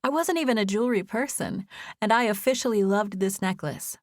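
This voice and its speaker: A woman narrating a first-person romance audiobook in a gentle, expressive reading. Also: medium pitch, fairly quick, no room sound, studio quality.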